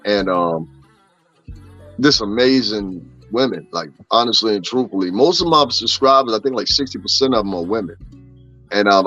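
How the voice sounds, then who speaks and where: A man's voice: lowish voice, a bit bright. A man hosting a casual gossip livestream, joking, swearing and talking straight to his chat. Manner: profane, joking, talks to chat. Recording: slightly dull, faint music behind.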